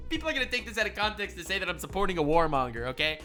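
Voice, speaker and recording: A bright, forceful male streamer reacting to clips with comedic commentary. He swears freely and bursts between loud excitement and low mutters. Faint music plays behind him. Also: racing, hardly any pauses.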